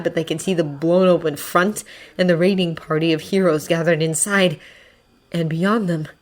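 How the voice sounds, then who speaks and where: A woman narrating fiction as an audiobook, expressive and voicing characters. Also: lowish voice. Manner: expressive, acting out voices. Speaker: fanfiction reader.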